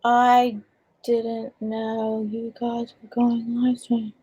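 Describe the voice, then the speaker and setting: A woman's voice: a little high, monotone, drawn-out words, warm tone, husky, dull audio. A woman co-hosting a casual livestream chat, talking in a friendly, repetitive way and welcoming viewers. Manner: chatty, repeats herself, welcoming viewers. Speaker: livestream co-host.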